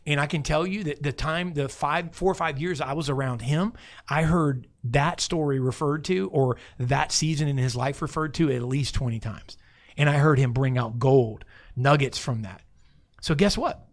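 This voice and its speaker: A man hosting a faith talk show, telling stories in a lively way with many restarts. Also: a little high, moderate pace. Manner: animated storytelling with many restarts. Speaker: host.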